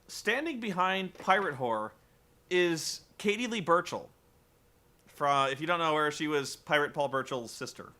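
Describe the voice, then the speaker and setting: A man casually recapping a wrestling show, animated and joking, swearing freely. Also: on the high side. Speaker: podcast host recapping wrestling. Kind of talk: casual chat.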